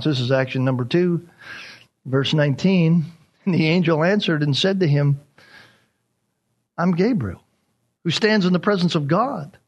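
A man's voice: mid-range voice, dull audio. A man preaching a sermon as a pastor, emphatic and repeating his key points.

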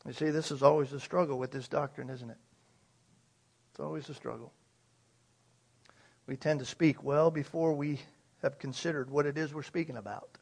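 A man's voice: on the high side, steady tone, moderate pace, creaky, long pauses, darkish tone, slightly rough. A man preaching a sermon with emphasis, posing rhetorical questions to his listeners. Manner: emphatic, uses rhetorical questions and acted quotes.

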